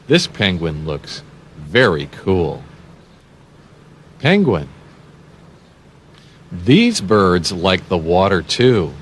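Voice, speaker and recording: Man, children's read-along host, very slow, lively sing-song, playful animal noises. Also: low voice, a little hiss or hum. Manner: sing-song, exaggerated emphasis, animal sound effects.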